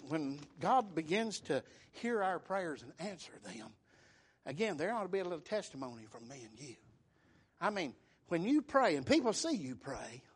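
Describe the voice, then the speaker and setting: A man preaching a sermon, telling folksy stories and rising into fervent shouts. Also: high voice, breathy edge. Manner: fervent, builds to shouting bursts, folksy storytelling.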